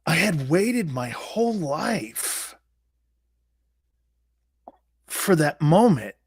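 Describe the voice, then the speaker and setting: A man in his fifties hosts a sports talk show, telling his own stories with blunt emphasis and salty slang. His voice sits a bit high for a man and is recorded dry and close. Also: sing-song, slow, husky, dry recording. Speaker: sports talk show host, former pro football player. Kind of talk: animated personal storytelling.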